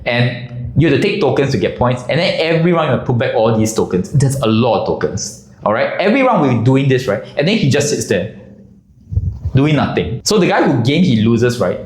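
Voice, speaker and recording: A man telling a comic story in a casual, animated way. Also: medium pitch, normal speed, echoey room, rough recording. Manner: animated, drops into character voices.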